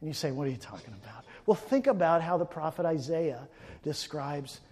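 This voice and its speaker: A male pastor preaching a sermon, swinging between forceful emphatic peaks and quiet hushed passages. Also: on the high side, lively intonation, a little fast. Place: church sanctuary. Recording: long church reverb.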